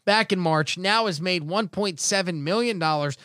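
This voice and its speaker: A man's voice: sits high, moderate pace, pushed and bright, no echo, studio quality. A man hosting a casual comedy podcast, reading out odd news stories with wry jokes. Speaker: podcast host.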